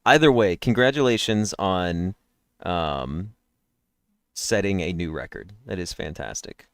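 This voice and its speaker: A man's voice: sits low, expressive, a little slow, clean tone, no echo. A man streaming daily guessing games, chatting and rambling nonstop to his viewers through a headset mic while yawning. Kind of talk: casual live-stream chat.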